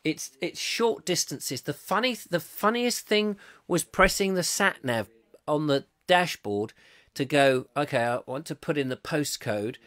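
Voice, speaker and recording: A man's voice: fairly high pitch, animated, a little slow, a bit bright. A middle-aged English man hosting a casual live chat show, reading viewer comments aloud in a rambling, self-mocking way.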